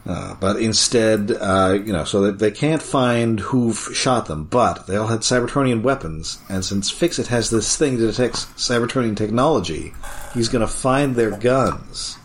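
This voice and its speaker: A man with a fairly low voice recaps cartoon episodes for a podcast. He is casual and jokey and keeps slipping into silly asides. A faint hiss runs under the recording. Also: normal speed. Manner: joking, slips into silly impressions.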